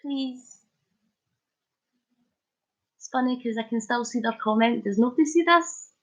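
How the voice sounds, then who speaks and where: A Scottish woman from Scotland hosting a live stream, chatting playfully with viewers and telling animated stories. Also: fairly high pitch, measured pace. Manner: chatty and playful, reads comments aloud, animated storytelling. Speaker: livestream host. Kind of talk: casual live-stream chat. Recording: dull lo-fi stream audio.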